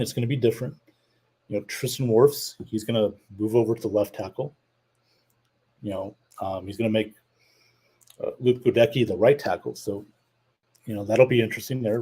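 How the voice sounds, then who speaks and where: A man's voice: fairly low pitch, mellow, breathy edge, poor audio. A man hosting a live show, chatting casually about his team and reading out viewer comments. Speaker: podcast host. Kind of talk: casual live-stream chat.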